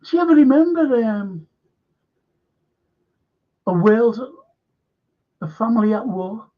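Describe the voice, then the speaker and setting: A man's voice: sits high, expressive, slow. A man hosting a film and TV review livestream, chatting casually and rambling, swearing freely and repeating himself. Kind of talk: casual livestream chat reading viewer comments. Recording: dull lo-fi stream audio.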